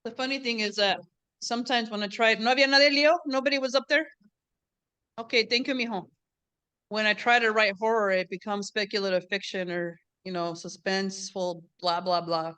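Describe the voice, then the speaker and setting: A woman's voice: mid-range voice, fairly even intonation, a little fast, pushed and bright, clean tone, no echo. A woman who grew up on the border, hosting an author event in a room, chatting casually and joking with the audience while switching between English and Spanish. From US-Mexico border region. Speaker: event host and professor.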